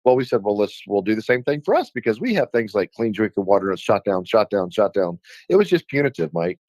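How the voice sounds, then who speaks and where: A man's voice: on the low side, big pitch swings, fast, darkish tone, no room sound, low-quality recording. A man from Alaska, a state legislator talking on a radio show, speaking heatedly and emphatically about his frustration. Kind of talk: radio talk show conversation.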